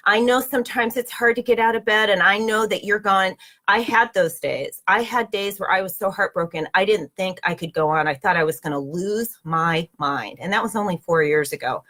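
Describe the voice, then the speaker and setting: A woman's voice: mid-range voice, normal speed, fairly bright tone. A woman hosting a spiritual motivational talk, speaking earnestly and straight to her listeners, repeating affirmations. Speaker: inspirational host.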